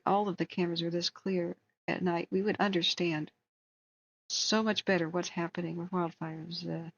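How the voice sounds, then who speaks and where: On a long livestream following wildfires, an American woman with a fairly low, husky voice chats casually. She rambles, offers opinions and reads viewers' comments aloud, all in dull lo-fi stream audio.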